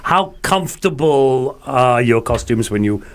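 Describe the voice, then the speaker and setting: A man hosting a casual radio interview in a studio, chatty and quick to chime in with agreement. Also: medium pitch, expressive. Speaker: radio host.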